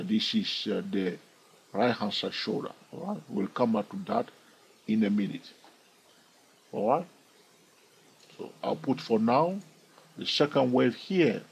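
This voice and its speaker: A man hosts a casual chart walkthrough in a husky, slightly breathy voice. He chats loosely and keeps checking in with his viewers through questions and asides. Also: medium pitch, darkish tone, low-quality recording. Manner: chatty, asks viewers questions, frequent "all right?". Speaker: trading video host.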